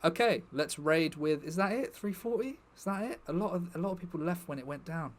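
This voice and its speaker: A man's voice: fairly high pitch, brisk, noisy background. A young man chatting casually to his stream viewers, rambling and joking with the chat.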